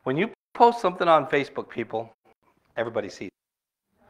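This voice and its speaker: A man's voice: mid-range voice, very animated, brisk. Middle-aged male pastor, medium voice, folksy sermon delivery with stories and questions to the room. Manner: conversational storytelling with rhetorical questions.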